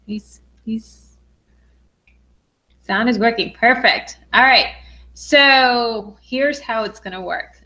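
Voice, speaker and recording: A young adult woman hosting a casual livestream, bubbly and excitable, with lots of "um" fillers. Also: mid-range voice.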